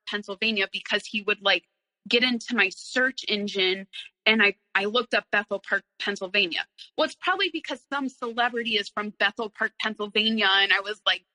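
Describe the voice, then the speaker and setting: A woman's voice: mid-range voice, pushed and bright, big-room sound, low-quality recording. A woman in her thirties, a guest on an interview show, telling her own story candidly, rambling with many fillers and nervous little laughs.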